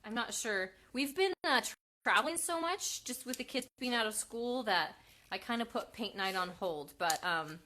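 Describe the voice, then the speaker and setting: Bright-voiced mom hosting a craft stream. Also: female voice, on the high side, expressive, normal speed. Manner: chatty, loose, with frequent ums and self-corrections. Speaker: craft livestream host and mother. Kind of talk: casual live demo, reading viewer comments. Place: at home with her kids.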